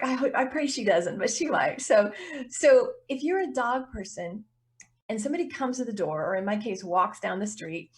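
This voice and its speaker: A woman business coach talks through her ideas in a casual interview. She keeps acting out little voices and reactions as she goes. Her voice sits a little above the usual pitch.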